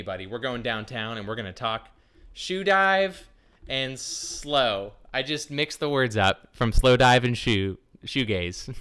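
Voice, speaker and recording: A man's voice: mid-range voice, lively intonation, measured pace, bright, forceful tone, smooth. A man hosting a live stream, chatting casually and jokily with his viewers in a scattered, playful way, talking straight to the chat. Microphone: desk microphone.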